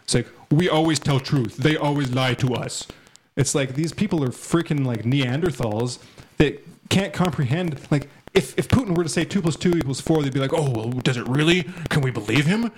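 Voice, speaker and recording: A man's voice: on the high side, moderate pace, a little mellow, a little hiss or hum, rough recording. A man in casual political chat, heated and scornful, rambling with many restarts. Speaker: podcast co-host.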